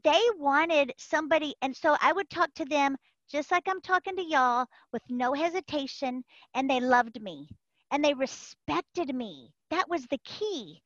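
A woman giving an animated, folksy personal testimony to a support group over an online call, repeating phrases for emphasis. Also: sits high, unhurried, no echo. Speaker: member sharing at a support group. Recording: dull lo-fi call audio.

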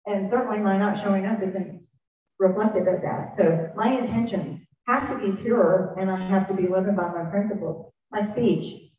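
A woman's voice: mid-range voice, moderate pace. A woman speaking candidly and informally to a group about recovery steps, rambling with restarts and poking fun at herself. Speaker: speaker on twelve-step recovery. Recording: echoey room, distant mic, phone-like sound.

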